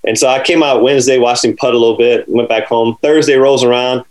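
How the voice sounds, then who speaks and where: Animated storytelling man, mid-pitched. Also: fast, low-quality recording. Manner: animated, laughs often, acts out other people's lines. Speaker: former caddie telling a story. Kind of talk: storytelling anecdote in conversation.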